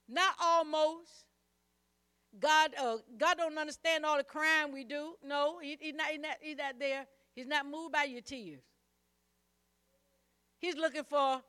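A woman's voice: high-pitched, measured pace, pushed and bright. A woman preacher delivering a sermon, emphatic and repetitive, calling on the congregation to repeat after her. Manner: emphatic, repeats phrases, calls on the congregation to respond.

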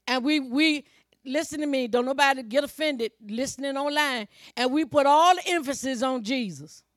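A woman's voice: sits high, moderate pace, fairly bright tone, no echo, clean studio sound. A woman preacher delivering a sermon, fervent and colloquial, calling out exclamations and speaking straight to her congregation. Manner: fervent, calls out exclamations between points.

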